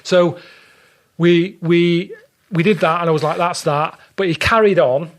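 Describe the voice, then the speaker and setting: Man, blunt, grumbling, casual storytelling, higher-pitched voice. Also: steady tone, unhurried. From England. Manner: blunt, grumbling storyteller, acts out quoted exchanges. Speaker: podcast guest. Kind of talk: casual chat.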